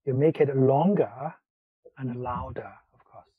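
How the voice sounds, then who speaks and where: A man teaching a language lesson, explaining in English between slow examples with many fillers. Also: mid-range voice, slightly rough, dry recording, narrow, tinny audio. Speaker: Mandarin teacher.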